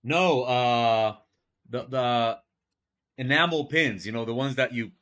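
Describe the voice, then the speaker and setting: A man's voice: mid-range voice, slow pace, a bit bright. A man who teaches, chatting casually and with incredulity during a live art stream, rambling and swearing now and then.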